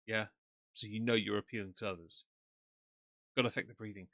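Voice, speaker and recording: A man's voice: lowish voice, fairly even intonation, a little fast, vocal fry, sharp tone, no room sound. A man commenting sarcastically on a livestream from off camera. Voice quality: dry, mocking. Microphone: desk mic, off camera.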